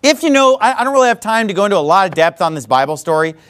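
A man's voice: sits high, very animated, very fast, a bit bright. A male pastor preaching a sermon in a conversational, storytelling manner, full of frequent asides.

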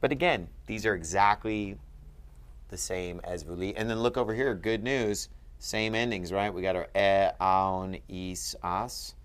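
A man's voice: low-pitched, a little slow, clean tone. A man tutoring a student in Greek grammar, patient and asking leading questions. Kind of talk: one-on-one grammar lesson.

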